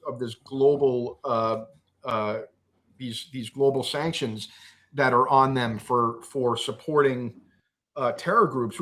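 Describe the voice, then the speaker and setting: A man's voice: mid-range voice, a bit bright. A man speaking as a podcast guest in a heated political discussion, angry and impassioned, swearing and restarting his sentences.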